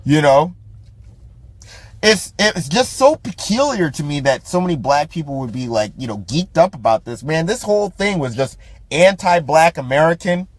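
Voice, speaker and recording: A man's voice: fairly high pitch, animated, moderate pace, dry recording. A man hosting a podcast, ranting about a movie in profane, casual commentary, laughing often and restarting his sentences. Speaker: podcast host.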